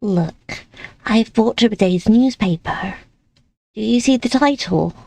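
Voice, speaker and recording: A woman's voice: mid-range voice, takes it slowly, gravelly, darkish tone, no echo. A woman voicing a possessive, controlling female caretaker with a cool, insistent, manipulative manner.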